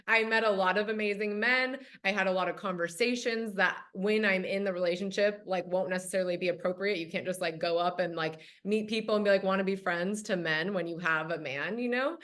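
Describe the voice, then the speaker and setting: A woman's voice: medium pitch, fairly even intonation, brisk, hardly any pauses, a bit bright. A woman hosting a podcast, chatting casually in an enthusiastic, encouraging way and laughing often. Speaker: podcast host. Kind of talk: casual chat.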